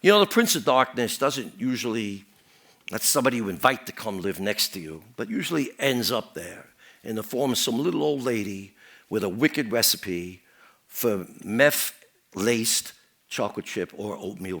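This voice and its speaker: A man playing a rambling, paranoid married guy who tells deadpan puns, jumps from topic to topic and mutters at the end of each rant, in a stand-up character monologue. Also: lowish voice, normal speed.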